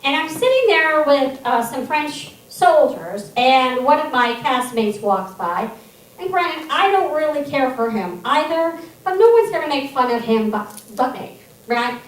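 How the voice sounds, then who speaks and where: High-voiced woman doing stand-up in an echoey hall. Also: a little slow, far from the mic. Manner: animated, self-deprecating, wry. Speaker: student stand-up comedian. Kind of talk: stand-up storytelling. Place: comedy theater stage.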